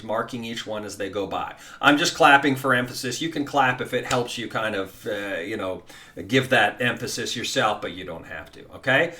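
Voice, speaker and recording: A man's voice: mid-range voice, normal speed, bright, forceful tone, slight background noise. A man teaching a guided guitar lesson, counting beats aloud and coaching the listener in a casual, encouraging way. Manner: casual, encouraging, many fillers.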